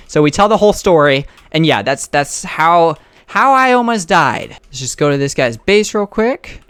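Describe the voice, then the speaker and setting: A man's voice: sits high, lively intonation, normal speed, clear, resonant tone, no echo. A young man casually telling a rambling story while playing a game and reacting to it. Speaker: gaming storyteller. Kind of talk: casual storytime over gameplay.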